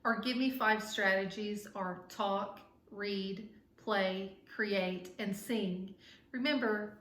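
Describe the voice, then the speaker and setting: A woman's voice: mid-range voice, fairly even intonation, slow pace, fairly bright tone, roomy sound, a little hiss or hum. Woman educator addressing parents. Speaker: early childhood educator. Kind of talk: scripted closing remarks to parents. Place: farm, outdoors.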